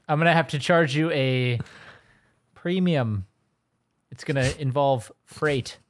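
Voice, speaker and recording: A man playing a spy guessing game with friends, teasing them in deadpan banter. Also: on the high side, takes it slowly, a little hiss or hum. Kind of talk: playful banter.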